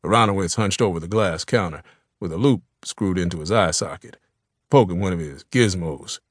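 Low-voiced man reading a novel aloud. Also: normal speed, dry recording, clean studio sound. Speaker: audiobook narrator. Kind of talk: scripted narration.

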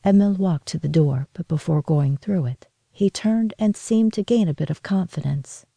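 A woman narrating a story in a steady, measured reading voice. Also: on the low side, vocal fry, dry recording.

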